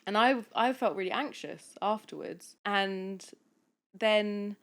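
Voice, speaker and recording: A woman speaking as a podcast guest, a coach talking in a soft, flowing, earnest way with many fillers. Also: medium pitch, slow pace. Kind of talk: casual podcast conversation.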